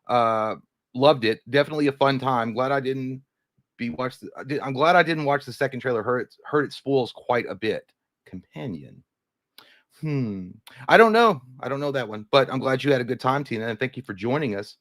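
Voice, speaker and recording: A man's voice: mid-range voice, expressive, moderate pace, a bit bright, no echo, clean studio sound. A man co-hosting a live movie news stream, casually chatting and reading viewer comments, rambling and restarting his sentences, a little hungover. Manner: rambling, trails off and restarts, crude jokes.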